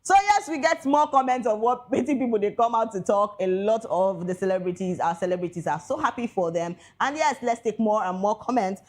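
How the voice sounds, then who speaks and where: Celebrity gossip gets a casual, excitable treatment from a young Nigerian entertainment news host who speaks with a Nigerian accent and slips between pidgin and English. She talks fairly quickly with few pauses, her pitch and loudness rising and falling dramatically.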